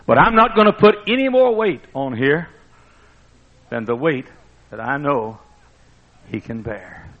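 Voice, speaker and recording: A male preacher delivering a sermon in a dramatic style that booms and then drops to a hush. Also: animated, unhurried, long pauses. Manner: dramatic preaching, booming one moment and hushed the next. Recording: dull lo-fi sermon recording.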